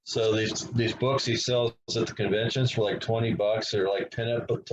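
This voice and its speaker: A man co-hosting a podcast over a video call, chatting casually in a relaxed, matter-of-fact way. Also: lowish voice, moderate pace, background noise. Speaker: podcast co-host. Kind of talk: casual chat. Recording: muffled video call audio.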